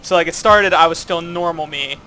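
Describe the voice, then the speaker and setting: Brisk and fairly high-pitched, this co-op gameplay commentator keeps the gaming chat casual. He rambles in a playful way and uses a lot of fillers.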